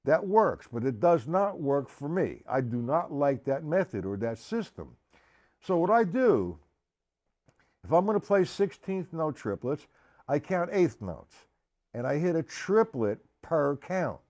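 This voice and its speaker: Here a man with a highish voice and big swings in pitch leads a live-streamed drum lesson at a measured pace. He explains patiently, addresses viewers by name, and counts beats loudly over his own drumming, with drums audible behind him on a live stream setup.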